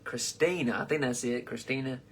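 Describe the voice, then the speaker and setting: A young comedian hosts his live stream, reading fans' comments and answering with casual, profane rambling that keeps restarting. He speaks fairly quickly at medium pitch, with a slightly rough voice.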